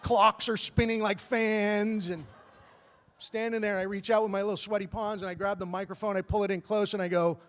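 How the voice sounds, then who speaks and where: A man telling a true personal story on stage with comic timing and animated bursts. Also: sits high, normal speed. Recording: long hall reverb.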